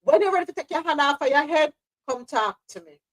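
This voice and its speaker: A woman's voice: high-pitched, expressive, quick pace, rough recording. A woman hosting a live news podcast, speaking passionately and repeating phrases for emphasis. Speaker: host.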